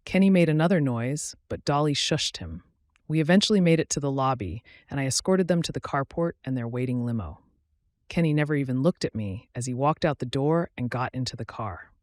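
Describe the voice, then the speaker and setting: Man, scripted story narration, matter-of-fact, medium pitch, dry. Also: lively intonation, brisk, dry recording.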